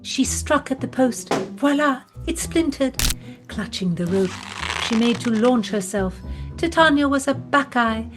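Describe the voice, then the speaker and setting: A woman's voice: high voice, animated, unhurried, music in the background. A woman narrating a scripted audio drama in a haughty manner, with archaic phrasing and French interjections. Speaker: narrator and investigator.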